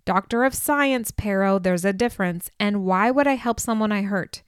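A woman's voice: mid-range voice, moderate pace, smooth, no room sound, lightly acted. Lady doing a sneering snobby science doctor guy, curt, dry close sound. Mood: scornful. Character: scornful older male doctor of science.

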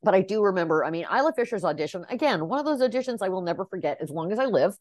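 A middle-aged woman, a casting director, tells stories in an animated, expressive way, with many fillers and restarts. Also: medium pitch, very fast, no echo, studio quality. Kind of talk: casual interview storytelling.

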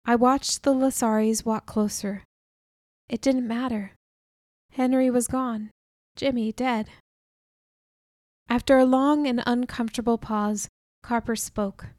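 A woman reads a novel aloud in the first person, telling it with earnest feeling. Her voice sits somewhat high. The sound is dry and close, with no room around it. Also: fairly even intonation, takes it slowly, long pauses, a little mellow, no room sound. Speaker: audiobook narrator.

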